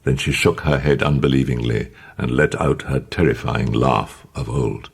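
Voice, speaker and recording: A man narrating an audiobook in an expressive, dramatic way. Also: rumbling low, normal speed, creaky, hardly any pauses, a little hiss or hum.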